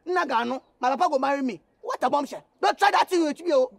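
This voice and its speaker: A young actor with a Nigerian accent playing a brash, loud, teasing suitor who laughs and mocks. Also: male voice, very high-pitched, quick pace, gravelly, no room sound. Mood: mocking loud. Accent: Nigerian English. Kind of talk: film acting.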